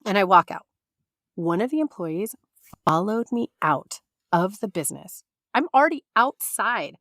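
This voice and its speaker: A woman in her forties, a podcast co-host, telling a story in casual chat, animated and freely swearing as she acts out other people's lines. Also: mid-range voice, measured pace, no room sound, clean studio sound.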